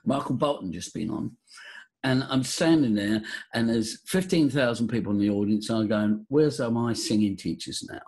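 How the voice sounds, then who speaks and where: A man's voice: medium pitch, moderate pace, slightly rough. An older man, a vocal coach, telling stories animatedly in a casual interview, often restarting his sentences. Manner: animated storyteller, voices quotes, frequent restarts.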